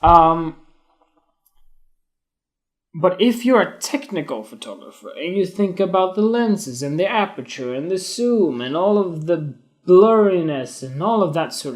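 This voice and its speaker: A young man talks off the cuff to a live stream audience, rambling from one thought to the next. He is blunt and curses freely, and his voice sits slightly higher than most men's. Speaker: photography podcast host. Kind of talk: casual solo talk on a live stream.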